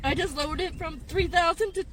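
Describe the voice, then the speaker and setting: A woman's voice: very high-pitched, brisk, fairly bright tone, a little hiss or hum. A woman in her fifties, stressed and tearful, venting to her phone from her car in a parking lot with nervous laughs. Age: 50s. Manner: distraught, breaking into nervous laughs. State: crying, stressed. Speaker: gig delivery driver venting on social media. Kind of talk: tearful vent to camera.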